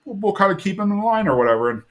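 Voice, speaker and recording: A man's voice: sits high, very animated, rapid-fire, fairly bright tone. A male podcast host casually retelling an episode, talking loosely with lots of fillers. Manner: chatty retelling full of fillers.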